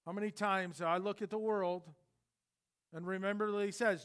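A man preaching an expository sermon in a conversational way, swinging from loud emphatic bursts to hushed intensity. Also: high voice, fairly even intonation, normal speed, smooth. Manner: conversational, repeats words when restarting. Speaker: pastor.

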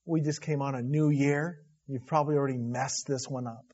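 A middle-aged man preaching a sermon as a pastor, emotional, dropping to a hush and then rising loud. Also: mid-range voice, fairly even intonation, brisk. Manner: emotional, swinging from hushed to loud. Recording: dull lo-fi recording.

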